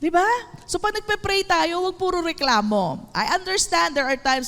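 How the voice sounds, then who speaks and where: A woman's voice: extremely high pitch, lively intonation, a little fast, sharp tone. A woman pastor with a Filipino accent preaching a sermon, emphatic, with frequent call-and-response and a mix of English and Tagalog. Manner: switches between English and Tagalog. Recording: long hall reverb.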